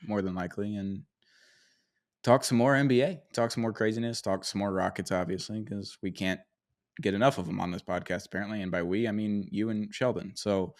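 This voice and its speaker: A man's voice: lowish voice, steady tone, a little fast. Laughing, joking male podcast host. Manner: joking, laughs often mid-sentence. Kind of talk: casual sports podcast chat.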